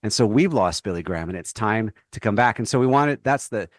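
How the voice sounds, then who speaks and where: A man's voice: fairly low pitch, expressive, fairly quick, no room sound, clean studio sound. A man speaking as an author guest in a faith radio interview, earnest and thoughtful, sometimes restarting his phrases.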